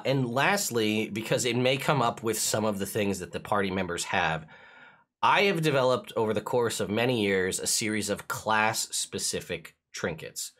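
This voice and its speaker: A man acting as game master for a streamed tabletop game, explaining rules in an excitable, chuckling way. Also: fairly low pitch.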